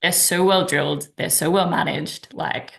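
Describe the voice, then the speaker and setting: A woman's voice: low-pitched, fairly even intonation, moderate pace, gravelly, a bit bright. A woman co-hosting a sports podcast, chatting casually and agreeably. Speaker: podcast co-host.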